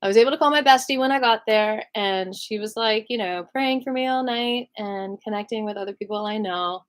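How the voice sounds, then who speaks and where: A young woman telling a personal story to camera in an emotional vlog, acting out the voices of the people in it. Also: a little fast. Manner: animated, acts out other people's lines with big pitch jumps.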